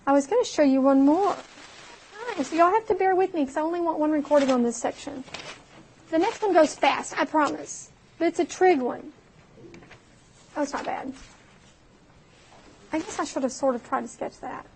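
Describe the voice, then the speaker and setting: A woman's voice: high-pitched, moderate pace, long pauses, darkish tone, slight background noise. A woman teaching a recorded math lesson, chatting through her calculator steps and laughing at her own mishaps.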